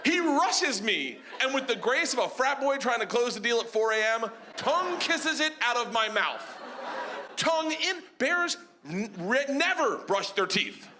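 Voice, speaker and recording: A man doing stand-up on stage, telling a story animatedly and acting out voices with shouts. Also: very high-pitched, a little slow, background noise. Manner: animated, acts out voices and yells. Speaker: stand-up comedian. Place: comedy festival stage with live audience.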